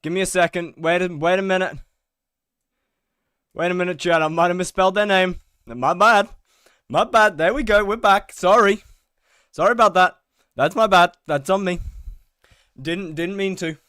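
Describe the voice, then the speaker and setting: Young male streamer, high pitch, casual self-mocking chat with viewers. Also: moderate pace, long pauses, sharp tone, clean tone, no echo, studio quality. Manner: chatty, greets chat by name, self-mocking. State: out of breath.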